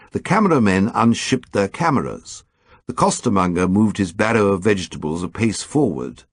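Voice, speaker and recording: Gravelly man narrating an audiobook. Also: low voice, no echo. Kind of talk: scripted narration.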